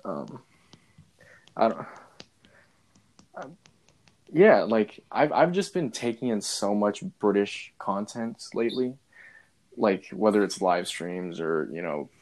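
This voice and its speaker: A man's voice: lowish voice, animated, slow, long pauses, darkish tone. A young man in casual chat, rambling with lots of fillers and restarts, laughing often.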